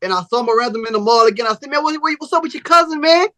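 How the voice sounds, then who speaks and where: Podcast host, male, animated storyteller who plays out every voice in his anecdotes; bright, edgy timbre, dry booth sound. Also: very high voice, rapid-fire, no room sound. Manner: animated, profane storyteller, acts out both sides of conversations. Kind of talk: casual storytelling chat.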